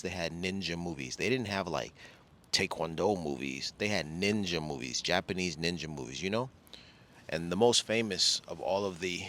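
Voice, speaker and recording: A man's voice: low-pitched, bright, forceful tone. A middle-aged man from Los Angeles rambling casually as a travel vlogger, often restarting and correcting himself. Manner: rambling, self-correcting, chatty.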